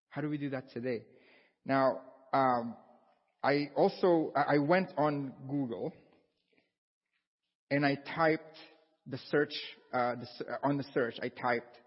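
Husky-voiced pastor in a reverberant hall. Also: male voice, medium pitch. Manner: chatty, repeats himself, asks the congregation questions. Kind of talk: conversational sermon. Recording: dull sound with long hall reverb.

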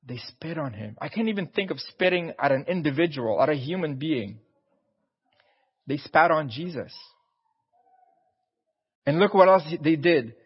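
A man's voice: a little high, expressive, a little slow, pauses often, breathy edge, long reverb tail, lo-fi sound. A man preaching a sermon in an earnest, pleading way, often repeating his words.

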